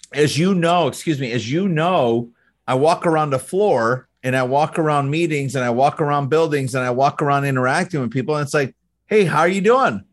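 A man hosting a podcast interview, talking in an animated, emphatic way and often repeating words as he builds a point. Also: mid-range voice. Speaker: podcast host. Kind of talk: casual interview chat.

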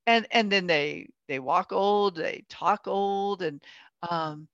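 A woman's voice: on the low side, slow pace, dry recording. Chatty lady in her 60s telling stories, acts out quotes, dry dull lo-fi sound. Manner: chatty storyteller, acts out quotes, laughs often. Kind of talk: casual conversation.

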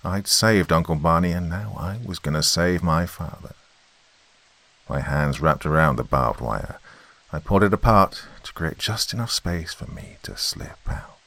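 A man with a very deep, low voice reads a first-person horror story. His delivery is tense and dramatic, and the sound is dry and close with no room echo. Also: expressive, unhurried, fairly bright tone. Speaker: narrator.

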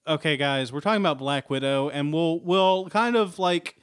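Excitable man co-hosting, slightly high. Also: normal speed, smooth, dry recording, studio quality. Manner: excitable, jokey, breaks into laughter. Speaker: podcast co-host. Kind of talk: casual chat.

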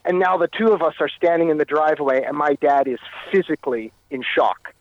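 A man from Canada, a guest in an interview, telling a personal story in a halting way, often repeating and restarting phrases. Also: a little high, no echo, dull audio.

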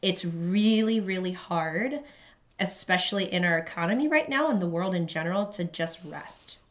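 A woman's voice: fairly low pitch, animated, moderate pace. A woman co-hosting a casual chat, reacting playfully and leaning on words for emphasis. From North America. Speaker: co-host.

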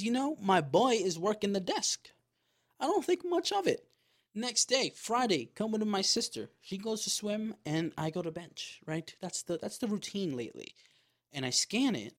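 A man hosting his own podcast, casually telling a story in a loose, profane, animated way with lots of asides. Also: high-pitched. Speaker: podcast host.

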